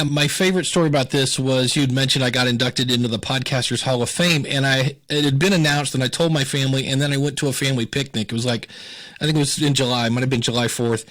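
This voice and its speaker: Animated storytelling man from Ohio. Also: mid-range voice, quick pace. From Ohio, USA. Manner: animated storyteller, acts out quoted voices. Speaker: podcast consultant, guest. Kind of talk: casual interview talk.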